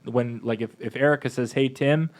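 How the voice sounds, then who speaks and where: A man's voice: mid-range voice, steady tone, moderate pace. Guy from a church podcast, just chatting, lots of ums and restarts, normal mid voice. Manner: chatty, rambling with restarts and fillers. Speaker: parish podcast co-host. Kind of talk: casual chat.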